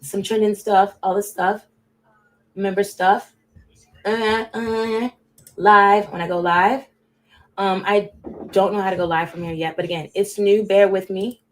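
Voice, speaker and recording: A woman hosting a casual livestream, rambling and chatting directly to her viewers, swinging between loud bursts and muttered asides. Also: mid-range voice, fairly even intonation, unhurried, pauses often. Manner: rambling, chatty, talks straight to chat viewers. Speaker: livestream host.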